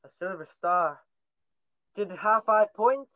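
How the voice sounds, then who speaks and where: A woman's voice: medium pitch, expressive, a little slow, no echo, narrow, tinny audio, lightly acted. A woman playing Paddy O'Cinnamon, a small Irish teddy bear. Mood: friendly. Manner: growls playfully, polite and chatty. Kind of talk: high school stage play.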